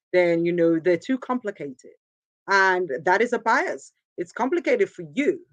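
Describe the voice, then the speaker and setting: A woman's voice: medium pitch, no echo. A woman from Nigeria hosting a show, giving an earnest, emphatic motivational talk and repeating phrases for stress. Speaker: host.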